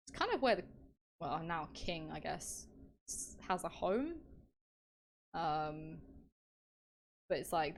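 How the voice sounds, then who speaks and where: A woman's voice: on the low side, a little hiss or hum, poor audio. A young woman from England with an English accent, chatting casually with her live-stream audience, bubbly and giggly, often trailing off into sighs.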